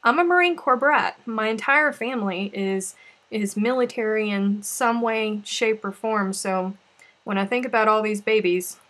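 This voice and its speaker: A woman with a medium-pitched, fairly bright voice talks at a moderate pace to viewers of her crochet live stream. She drifts between crying and laughing, rambling loosely with plenty of restarts and asides, and she sounds like a casual streamer on a desk mic.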